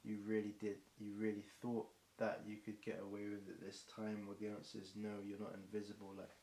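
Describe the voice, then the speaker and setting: A British man freestyles a long, off-the-cuff stream of rhymes, umming frequently. His voice is on the low side and dark, monotone, and fairly quick. The space is echoey with faint hiss.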